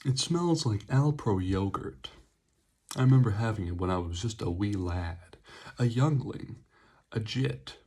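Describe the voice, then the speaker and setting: A man's voice: fairly low pitch, animated, unhurried, darkish tone, breathy edge. A young man reviewing an energy drink, making sarcastic, swearing asides. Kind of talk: casual product review vlog.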